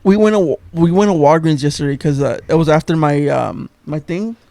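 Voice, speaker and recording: A man's voice: fairly high pitch, brisk, gravelly, warm tone, no room sound. A man co-hosting a podcast, telling funny stories in a slangy, casual way and laughing a lot. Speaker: podcast co-host. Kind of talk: casual chat.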